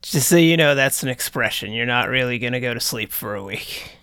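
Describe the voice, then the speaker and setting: A woman's voice: very deep voice, lively intonation, fairly quick, fairly bright tone, smooth, no echo, studio quality. A woman playing a tabletop game, explaining things in a matter-of-fact way. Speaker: player. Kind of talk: casual tabletop game chat.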